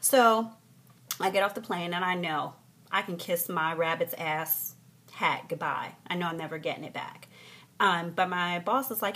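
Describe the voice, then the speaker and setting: Husky, animated woman vlogger. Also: fairly low pitch, normal speed. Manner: animated, profane, mimicking people. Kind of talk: casual storytelling to camera. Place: hotel room.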